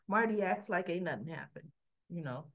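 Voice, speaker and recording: A woman's voice: fairly low pitch, lively intonation, moderate pace, fairly bright tone. A woman casually recapping a soap opera episode, chatty, briefly acting out the characters' quoted lines in her telling. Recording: slightly dull lo-fi recording.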